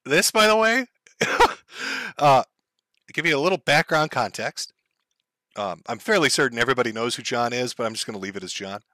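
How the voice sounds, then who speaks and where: A man's voice: mid-range voice, animated, fairly quick, bright, forceful tone, dry recording. A man giving casual commentary, explaining things in a conversational way with frequent fillers.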